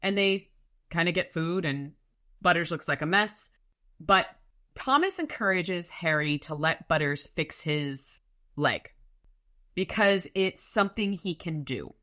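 A woman co-hosts a casual book-recap podcast, trading wry one-line quips and then taking over the retelling herself. Her voice sits low for a woman but has a bright, forward edge. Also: lively intonation, measured pace. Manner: wry, dry one-line asides on the plot. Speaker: podcast co-host recapping a novel.

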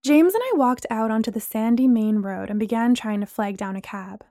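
A woman's voice: a little high, normal speed, warm tone, dry recording, clean studio sound. A woman in her twenties narrating a first-person audiobook story expressively.

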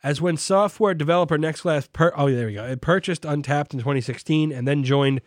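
Speaking a little fast in a voice on the high side, a young man hosts a laid-back beer podcast recorded dry at studio quality. He jokes at his own expense and rambles, with many fillers and restarts.

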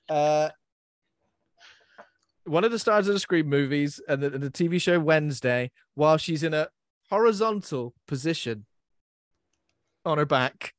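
A man's voice: on the high side, animated, unhurried, long pauses, dry recording, clean studio sound. A man hosting a podcast in a casual chat, giggling and mocking himself as he stumbles over his words. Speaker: podcast host.

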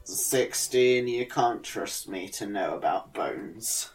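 A woman's voice: extremely low pitch, takes it slowly, a little mellow. A woman chatting dryly between takes of a podcast recording. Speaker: podcast voice actor. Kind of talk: casual chat between takes.

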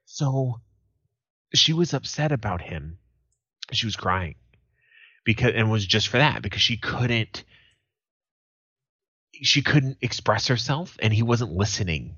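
Guy in his 30s cussing through a story on a podcast, lowish voice, dull dry mic. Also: moderate pace, pauses often, slightly rough, no echo. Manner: profane storytelling, animated quoted voices. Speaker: podcast co-host. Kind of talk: casual chat.

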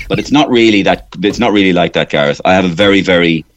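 Irish male comic guest, lowish voice, rambling and animated, studio radio chat. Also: fast. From Waterford, Ireland. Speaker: guest comedian. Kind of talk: radio interview.

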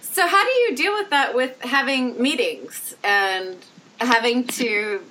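A woman interviewing a guest over a video call, curious and quick to laugh. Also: a little high, expressive, sharp tone, rough recording. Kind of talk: casual interview.

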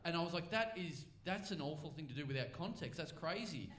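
A man's voice: fairly high pitch, animated, fairly quick, fairly bright tone. A man telling a comedic story live on stage, acting out both sides of the talk and swearing freely. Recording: echoey live theater stage.

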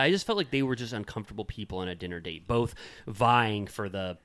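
A man co-hosting a podcast, talking in a rambling, animated way and jumping up in pitch when quoting people. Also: quick pace. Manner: rambling and animated, restarts, quotes people in raised voices. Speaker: podcast co-host. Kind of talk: casual recap chat.

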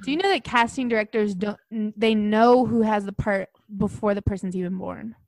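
A woman's voice: medium pitch, fairly quick, darkish tone, no room sound, clean studio sound, close to an everyday voice. A woman voicing a self-absorbed, erratic female Hollywood director who talks bluntly and imperiously in an improvised comedy podcast. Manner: blunt, imperious, abrupt non-sequiturs. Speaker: guest.

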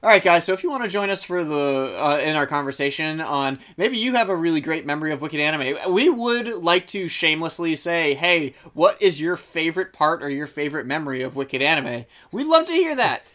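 A man's voice: a little high, very animated, brisk, hardly any pauses, bright, forceful tone. A young man co-hosting a podcast in casual chat, upbeat and chatty, laughing often. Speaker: podcast co-host.

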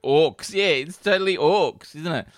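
A man's voice: fairly high pitch, a little slow, no room sound, clean studio sound. A man co-hosting a comedy podcast, rambling and self-mocking, laughing often. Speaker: podcast co-host. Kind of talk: comedic casual chat.

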